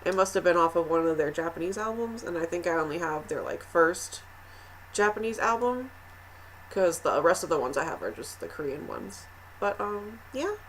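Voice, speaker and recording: A young woman gushing over a music video in a casual reaction vlog, swinging from loud squeals to quiet musing. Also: fairly low pitch, lively intonation, moderate pace, slight background noise.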